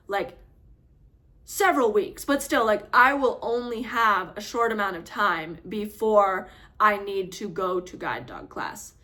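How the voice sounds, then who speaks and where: A woman vlogger tells a personal story straight to camera in a casual, chatty way. She acts out the phone call, voicing herself and the caller, and her pitch rises and falls a lot. Her voice is mid-pitched and natural. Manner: animated, reenacts her own phone call with quoted voices.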